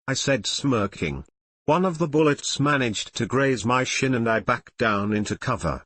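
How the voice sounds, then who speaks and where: Guy reading fanfic out loud, plain mid voice, dry close mic. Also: medium pitch, sing-song, normal speed, no echo. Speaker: reader. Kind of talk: reading fan fiction aloud.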